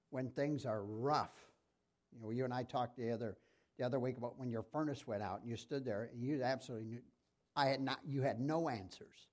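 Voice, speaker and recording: A man's voice: mid-range voice, darkish tone. A middle-aged man preaching a sermon in a conversational way, asking his congregation questions.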